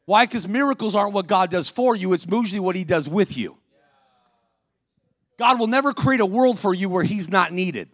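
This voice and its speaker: A male preacher with a high, bright voice delivers a lively sermon, calling out to the congregation and slipping into voices as he tells stories. The sound is dry and close, with no room echo. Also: normal speed. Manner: energetic, calls out to the congregation, acts out voices in stories. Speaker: guest preacher. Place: church.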